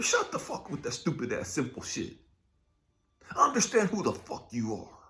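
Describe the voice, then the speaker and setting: A man's voice: huge pitch swings, moderate pace. Fiery, wildly swinging male preacher. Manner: profane, confrontational, swinging between shouted rants and low muttering; repetitive rhetorical questions. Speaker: spiritual life coach. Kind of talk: impassioned motivational preaching monologue.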